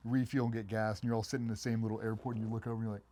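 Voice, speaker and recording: A middle-aged man, a former special operations member, telling stories in a casual interview and acting out other people's voices in a much higher pitch. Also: slight background noise. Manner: fast, animated storytelling, acts out quoted voices much higher. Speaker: guest, former Navy SEAL.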